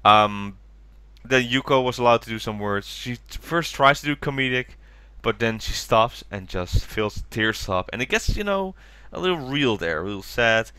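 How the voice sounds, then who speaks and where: A man's voice: medium pitch, animated, normal speed, bright, forceful tone, clear, resonant tone, no room sound. A tired man co-hosting a podcast, rambling through a recap of a TV special and acting out quoted lines in raised voices. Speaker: podcast co-host. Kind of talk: casual chat recapping a TV special.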